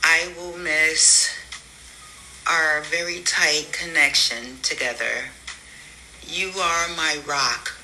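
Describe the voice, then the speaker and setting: A low-pitched woman speaking slowly and earnestly, working to hold back tears as she talks. Her voice is bright and clear over faint background noise. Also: steady tone, rough recording. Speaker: mother giving a farewell message. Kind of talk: heartfelt recorded message.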